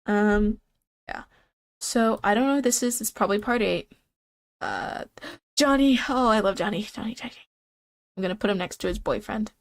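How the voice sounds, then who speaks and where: A woman's voice: mid-range voice, normal speed, long pauses. A congested young woman streaming, chatting casually and rambling with frequent laughs.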